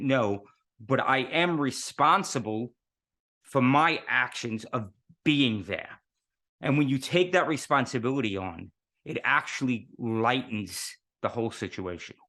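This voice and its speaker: A man talks as an interview guest, his pitch in the middle of the range. He tells his stories in earnest and works through them with rhetorical questions. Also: a bit bright. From New York City. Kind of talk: casual interview talk.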